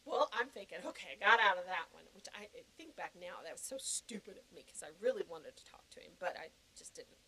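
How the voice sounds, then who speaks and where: An older woman telling a personal story in a podcast interview, animated and laughing often. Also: on the low side, brisk, few pauses, slight background noise, poor audio. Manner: animated, laughing, acting out quoted reactions. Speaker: guest.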